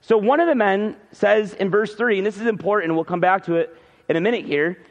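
A pastor with a high-pitched voice preaches briskly in a relaxed, conversational style, acting out what biblical characters say. The sound is reverberant and dull, like a hall.

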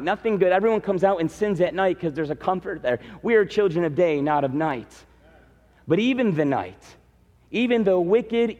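High-voiced male preacher in an echoing hall. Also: a little mellow. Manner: emphatic preaching, explaining scripture verse by verse. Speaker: pastor. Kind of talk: sermon. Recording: long hall reverb, dull lo-fi sound.

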